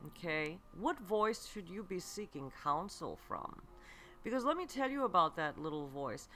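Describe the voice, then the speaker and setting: A woman delivers a spiritual self-help podcast monologue at an unhurried pace, with a bright voice that swoops up and down. She keeps asking the listener questions and checks in with an "okay", while faint music plays underneath. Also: on the low side. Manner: slow and earnest, often checking in with "okay"; asks the listener repeated rhetorical questions. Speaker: podcast host and psychic reader.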